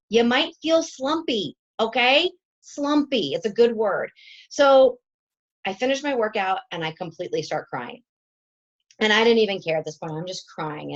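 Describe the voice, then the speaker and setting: A woman's voice: medium pitch, highs cut off. A woman in her forties, a team coach giving a chatty, emotional motivational talk, laughing often. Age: 40s.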